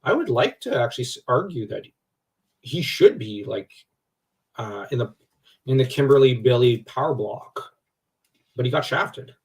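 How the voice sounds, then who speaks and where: This livestream co-host sounds a little mellow, with a mid-range voice that swings widely in pitch at a moderate pace, and he pauses often. Picked up from far off the mic, he rambles through casual fan talk full of fillers and restarts, getting heated at times.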